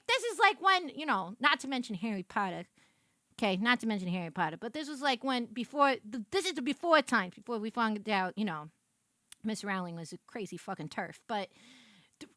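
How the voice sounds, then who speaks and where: Lively high-voiced woman streamer ranting. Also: moderate pace, no room sound, clean studio sound. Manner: animated, swearing, ranting. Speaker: VTuber streamer. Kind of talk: casual live-stream chat.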